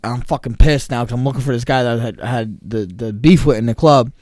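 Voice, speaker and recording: A man's voice: mid-range voice, fairly quick, darkish tone, no echo, studio quality. A man, co-hosting a podcast and telling a story in casual, profane chat, acting out the quotes. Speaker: podcast co-host.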